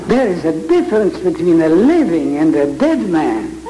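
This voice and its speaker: A man with a head cold teaching Bible reading to a live audience, speaking with slow, theatrical emphasis. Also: on the high side, big pitch swings, background noise. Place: large hall with audience. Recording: echoey hall with audience ambience.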